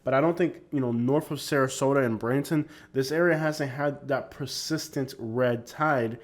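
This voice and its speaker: A man's voice: medium pitch, a little mellow. A man narrating his own vlog over driving footage in a casual, rambling, opinionated way, often restarting his sentences. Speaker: vlogger.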